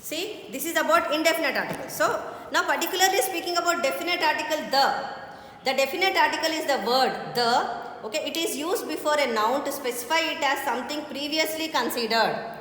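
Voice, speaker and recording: A woman's voice: high voice, a little fast, fairly bright tone. A woman teaches a grammar lesson, explaining step by step and often checking with "okay?". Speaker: English teacher. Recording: very echoey hall with faint background noise.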